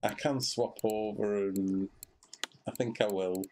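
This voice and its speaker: A man's voice: on the low side, fairly even intonation, slow pace, a little mellow, a little hiss or hum. A man giving casual commentary while streaming a fishing game, rambling with many fillers and restarts.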